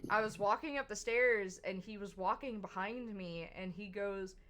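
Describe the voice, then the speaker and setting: A woman's voice: mid-range voice, normal speed, fairly bright tone. A young adult woman streamer chatting casually while she plays a game, laughing often and swearing freely as she tells stories. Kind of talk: casual chat while gaming.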